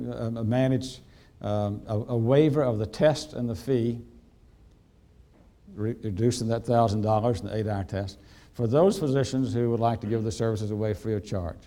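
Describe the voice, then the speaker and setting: A man's voice: medium pitch, fairly even intonation, mellow. Older man telling a story. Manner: folksy anecdotal storyteller, halting with fillers. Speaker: physician and speaker. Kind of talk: storytelling talk to an audience.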